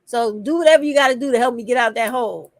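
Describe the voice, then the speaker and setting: A woman's voice: fairly high pitch, fast talker, dry recording, clean studio sound. A middle-aged woman, hosting an impassioned livestream, emphatic and profane. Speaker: livestream host.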